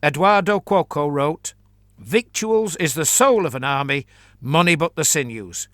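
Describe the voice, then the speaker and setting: A man's voice: fairly high pitch, lively intonation, measured pace, fairly bright tone, no room sound, pitched above the performer's own voice. Ottaviano, a man voicing a gloomy, methodical chancellor. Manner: earnest, methodical, pessimistic. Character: gloomy, thorough male mercenary chancellor.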